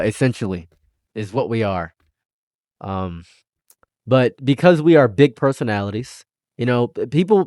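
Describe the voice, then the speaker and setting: Man, casual commentary host, joking and rambling, swooping lively pitch, dry close mic. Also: dry recording. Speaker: channel host.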